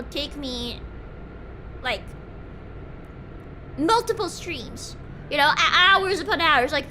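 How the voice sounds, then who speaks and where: A woman streamer chatting excitedly during a live game stream, often squealing, shouting and laughing with joy. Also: extremely high pitch, a little hiss or hum.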